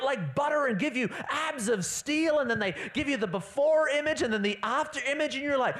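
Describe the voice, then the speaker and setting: A preacher giving a humorous, animated sermon to a live church audience, dropping to a quiet voice for emphasis. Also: high voice, normal speed, few pauses.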